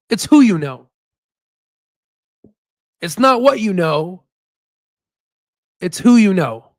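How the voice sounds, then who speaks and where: A young man with a fairly high voice tells a candid personal story to the camera. He is choked up and close to tears, so he rambles and halts, restarting his sentences again and again. The sound is dry and close, with no room echo. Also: fairly bright tone. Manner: rambling, halting, many restarts. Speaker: investing channel host.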